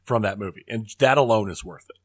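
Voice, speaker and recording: A man's voice: lowish voice, quick pace, no room sound, clean studio sound. A man co-hosting a gaming podcast, chatting casually and making wry, offhand quips. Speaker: podcast co-host. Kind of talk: casual chat.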